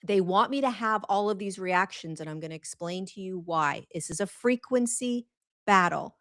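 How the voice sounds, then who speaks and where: A woman hosting a spiritual livestream, at a middling pitch for a woman. She talks earnestly and with emphasis, repeating her phrases and drawing out the words she wants to land. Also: fairly bright tone. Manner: slows right down on key words. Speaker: host of a spiritual talk show. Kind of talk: live-streamed spiritual monologue.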